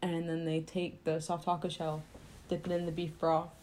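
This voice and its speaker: A young woman with a low, mellow voice chatting casually as a co-host. She is talkative and jumps in to finish her partner's sentences. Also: completely flat delivery, moderate pace. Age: young adult. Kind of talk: casual chat.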